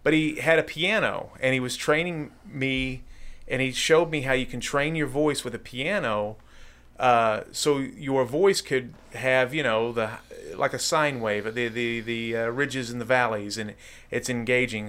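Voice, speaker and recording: A man in his forties from Baltimore, a radio and wrestling personality telling stories in an animated, casual way. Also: mid-range voice, measured pace, smooth. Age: 40s. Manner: animated storyteller. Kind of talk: casual conversation.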